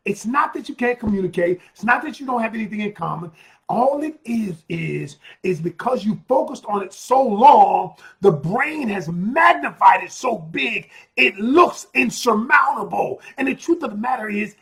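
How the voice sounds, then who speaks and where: This man's voice sits high as he gives a forceful motivational talk in his role as a relationship coach. He keeps repeating phrases and erupts into loud, heated passages.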